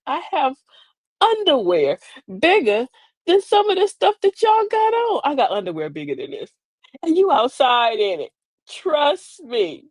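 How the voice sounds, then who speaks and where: Animated older woman, laughing and sassy. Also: high-pitched, dry recording. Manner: animated, laughing, sassy Southern-style asides. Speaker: host. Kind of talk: comic storytelling monologue.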